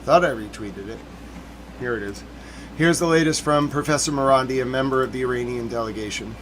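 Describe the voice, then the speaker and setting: A man's voice: mid-range voice, brisk, a bit bright. A man talks his live audience through breaking reports, greeting viewers in chat. He often repeats himself in an uneasy tone. A faint hum sits behind his voice. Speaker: livestream news commentary host.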